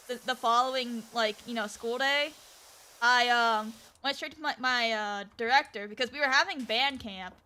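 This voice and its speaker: A woman's voice: high-pitched, sharp tone. A woman streamer casually telling a story while gaming. She rambles with many fillers and restarts and acts out the people in her story. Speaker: VTuber streamer.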